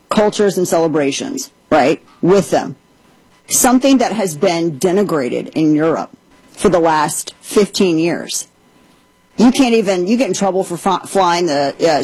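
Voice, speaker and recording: Chatty, husky woman host. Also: on the low side, a little mellow, no room sound, poor audio. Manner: chatty, sarcastic asides. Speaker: podcast host. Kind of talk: casual commentary monologue.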